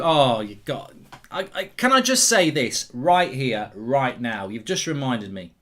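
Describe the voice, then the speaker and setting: A man's voice: mid-range voice, measured pace. An English man hosting a casual live football watchalong, chatting with viewers and breaking into jokey mock news bulletins. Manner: jokey, excitable, mock-newsreader bursts. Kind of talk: casual live-stream chat.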